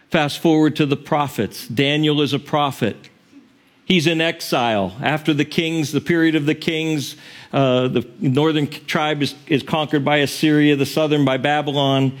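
A male pastor preaching a sermon in an earnest, expressive storytelling manner, sometimes correcting himself mid-word. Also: on the high side, moderate pace.

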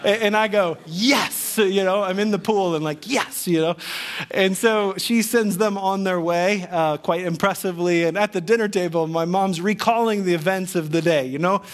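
A middle-aged male pastor gives a sermon through a personal story, his voice sitting a little high. He is chatty and self-deprecating, and he acts out the lines of the people in his tale. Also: fairly even intonation, normal speed.

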